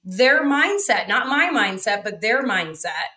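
Woman, interview guest, frank storyteller, bright voice, filler words. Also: medium pitch, big pitch swings, a little slow. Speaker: guest, real estate developer. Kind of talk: casual interview talk.

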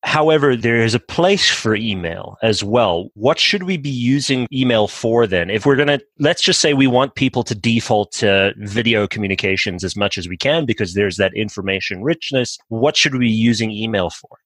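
A man's voice: on the low side, expressive, normal speed, few pauses, a bit bright, no room sound. A man hosting an interview, conversationally summarizing points and asking follow-up questions. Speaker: podcast host.

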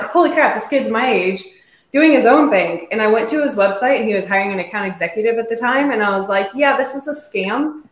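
A woman's voice: mid-range voice, fairly bright tone. A young woman from Arkansas tells her story with upbeat energy in a casual chat. Her voice sits mid-range and rings in an echoey room. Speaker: guest service provider.

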